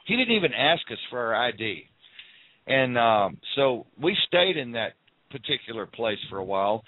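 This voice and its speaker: A man's voice: mid-range voice, big pitch swings, normal speed. A man from the southern United States, a guest on a call-in radio show, telling a personal story earnestly and repeating phrases for emphasis. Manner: earnest, repetitive, quotes people in raised voices. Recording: tinny phone line.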